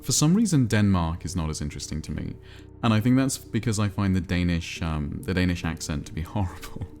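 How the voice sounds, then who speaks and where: A man talks casually to his stream chat and drifts from thought to thought. His voice sits very low and has a gravelly fry. Faint music plays behind him. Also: fairly quick. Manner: relaxed, rambling, reads and answers chat. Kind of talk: casual chat while playing a cozy game.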